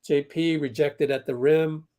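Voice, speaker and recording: A man's voice: fairly high pitch, fairly even intonation, unhurried, dark tone. A man hosting a livestream, giving casual commentary on a basketball game and talking to chat viewers as plays happen. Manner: chatty, reacts to plays, talks to chat viewers. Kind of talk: casual live commentary for a watch-along stream.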